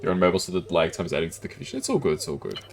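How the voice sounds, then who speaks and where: A man with a low voice talks through a detective game on stream, keeping it loose and jokey and poking fun at himself. His delivery is lively, swinging up and down in pitch. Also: rapid-fire, gravelly. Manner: playful, giggly, self-deprecating. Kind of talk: casual gameplay commentary.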